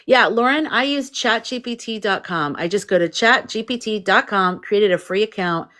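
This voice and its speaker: A woman's voice: medium pitch, expressive, moderate pace, a bit bright. A woman hosting a casual livestream, rambling and restarting, greeting viewers and reading their comments aloud. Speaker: livestream host.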